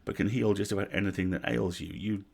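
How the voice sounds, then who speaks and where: Low gravelly man reading a story. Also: a little mellow. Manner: measured, wry asides. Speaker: story reader. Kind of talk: audiobook-style story reading on a livestream.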